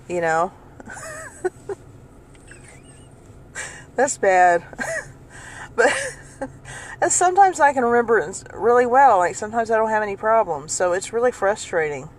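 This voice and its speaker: A woman's voice: mid-range voice, lively intonation, normal speed, pauses often, low-quality recording. A woman vlogger talking casually to camera about her own experiences, rambling, restarting often and laughing. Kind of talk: casual personal talk to camera.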